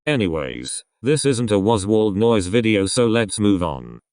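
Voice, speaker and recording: A young man giving casual, excitable reaction commentary as a fan, swearing often and gushing. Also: fairly low pitch, a little slow. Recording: loud music under voice.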